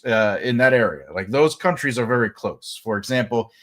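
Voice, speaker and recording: A man's voice: medium pitch, lively intonation, normal speed, fairly bright tone. A man from the United States giving a casual, rambling live writing lesson, full of fillers and restarts. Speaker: writing teacher.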